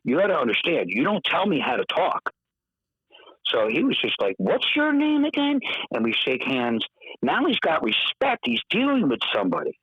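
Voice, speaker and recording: A man telling a story in casual podcast chat, lively and acting out the voices of the people he quotes. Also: medium pitch, normal speed, slightly rough, dry recording. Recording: dull, dry podcast audio.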